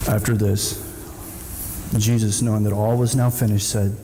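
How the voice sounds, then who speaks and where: A man's voice: fairly low pitch, little pitch movement, moderate pace. A man preaching a sermon as pastor, who acts out the people in the story with sudden raised voices. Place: church sanctuary. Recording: echoey church hall, faint noise.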